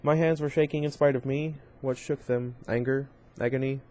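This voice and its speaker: A man with a dark-toned, middle-pitched voice reads a novel aloud at a moderate pace with fairly even intonation. The reading is informal and unpolished; he trips over words now and then, corrects them, and adds brief asides.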